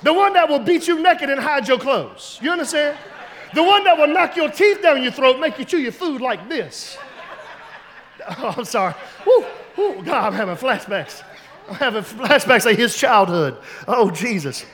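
A male pastor preaching a sermon, telling stories and building to loud, emphatic shouts. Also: very high-pitched, expressive, moderate pace, big-room sound.

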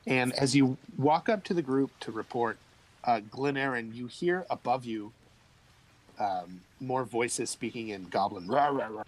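A man's voice: medium pitch, measured pace, low-quality recording. Man narrating as game master.

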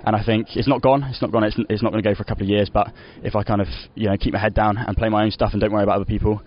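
A man's voice: lowish voice, level tone, racing, highs cut off, slight background noise. A young man, a footballer, chatting in an interview, rambling with lots of "you know" and restarts. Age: young adult. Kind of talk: casual post-match interview.

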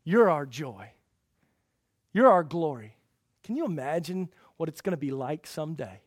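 Here a male pastor's sermon alternates forceful, loud emphasis with subdued, low moments while he asks his listeners rhetorical questions. His delivery is expressive at a moderate pace, captured dry at studio quality.

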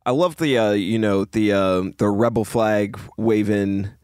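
A man's voice: on the low side, measured pace, darkish tone, smooth, no room sound. Easygoing podcast man, dry sound. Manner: easygoing, hesitant with fillers. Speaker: podcast co-host. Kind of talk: casual chat.

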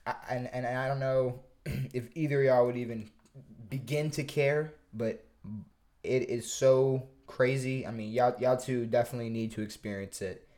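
A man co-hosting a podcast, telling a story in a profane, animated way with lots of stammers and restarts. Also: mid-range voice, moderate pace. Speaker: podcast co-host. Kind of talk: casual storytelling chat.

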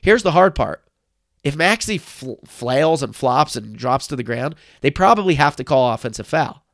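A young man hosting a solo sports podcast, recapping a game in emphatic, excitable fan talk into a close mic. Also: medium pitch, moderate pace, vocal fry, no room sound. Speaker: podcast host.

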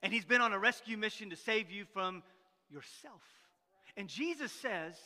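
A middle-aged man preaching in a church sanctuary, his high, very bright voice carrying a long hall reverb. He is animated and plays out little voices, then drops to a near-hush for serious points. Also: normal speed. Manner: animated, acts out voices, swings from loud to hushed. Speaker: pastor. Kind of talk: sermon.

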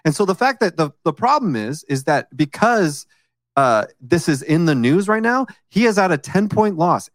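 Animated swearing man, casual political chat. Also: on the high side, moderate pace, dry recording, studio quality. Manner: animated, swearing, mocking quotes. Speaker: podcast co-host.

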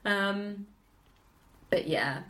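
A woman co-hosting a casual film chat, animated and laughing often as she acts out scenes from the movie. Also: medium pitch, extremely slow, echoey room. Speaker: podcast co-host.

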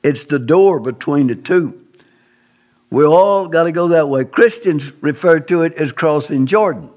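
A man's voice: fairly high pitch, animated, unhurried, a little mellow. A man telling a personal testimony in an interview, speaking in an earnest, emphatic, preacherly way.

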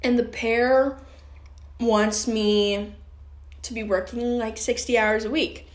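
Young woman ranting on her podcast, slow drawn-out talk, swears a lot, kinda high voice. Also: fairly even intonation. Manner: swearing, venting, gets heated; rambling, self-questioning. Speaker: podcast host. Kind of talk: casual solo podcast rant.

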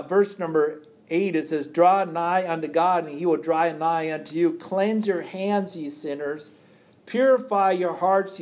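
A man preaching a sermon, reading scripture aloud and explaining it with rhetorical questions, dropping quiet for emphasis. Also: fairly high pitch.

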